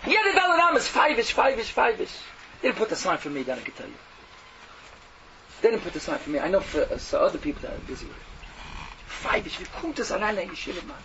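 A man giving a fiery sermon, mocking and animated, swinging from loud outbursts to hushed asides, on a dull lo-fi recording. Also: sits high, quick pace. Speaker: preacher. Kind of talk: fiery Yiddish-laced sermon. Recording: dull lo-fi recording with faint noise.

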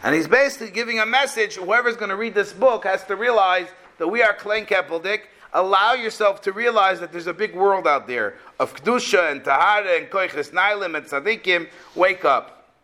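Animated storytelling religious teacher, man. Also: high voice, normal speed. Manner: animated retelling, direct moral urging. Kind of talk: storytelling Torah lesson.

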